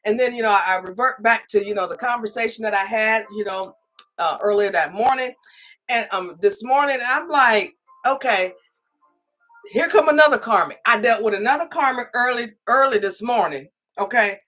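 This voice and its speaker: A woman giving a spiritual reading who chats casually with viewers, stressing her points with a repeated "okay?" and acting out her own sharp replies. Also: on the high side, moderate pace, faint music behind. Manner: animated, repeats "okay?" for emphasis; emphatic, re-enacts her own retorts. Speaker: spiritual tarot reader.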